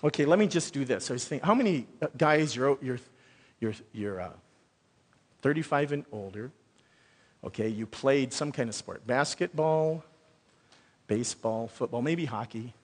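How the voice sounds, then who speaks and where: Conversational pastor preaching in a reverberant hall. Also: male voice, mid-range voice, normal speed, pauses often, breathy edge. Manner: conversational, animated, thinks out loud with restarts. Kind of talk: sermon. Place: church sanctuary. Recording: long reverb of a large hall.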